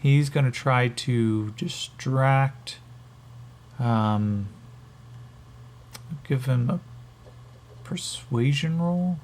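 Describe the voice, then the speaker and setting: A man narrating a solo tabletop game as game master, thinking aloud, halting and swearing as he rolls. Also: mid-range voice, a little mellow, slight background noise.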